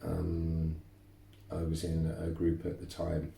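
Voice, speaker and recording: A man, telling lively stories as a martial arts instructor guest, repeating words as he goes. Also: very deep voice, slow, vocal fry, recorded from a distance, slight background noise. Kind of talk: casual interview storytelling. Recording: roomy echo, voice off-mic.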